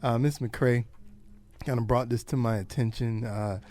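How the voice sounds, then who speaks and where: A man's voice: medium pitch, steady tone, unhurried, a little mellow. A man hosting a radio talk show in a casual, chatty way, laughing often.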